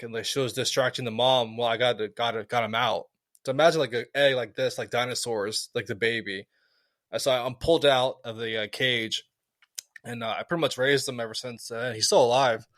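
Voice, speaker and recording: A man co-hosting a relaxed podcast, drifting through long anecdotes with plenty of ums and restarts. His voice sits at an ordinary middle pitch, and the sound is close and dry, without room reverb. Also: a little fast. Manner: rambling anecdotes with many fillers and restarts. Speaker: podcast co-host. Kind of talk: casual chat.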